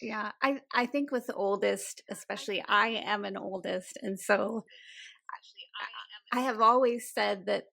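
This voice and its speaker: A woman hosting a podcast, asking questions in a relaxed, casual interview. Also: medium pitch, measured pace, vocal fry, dry recording. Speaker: podcast host.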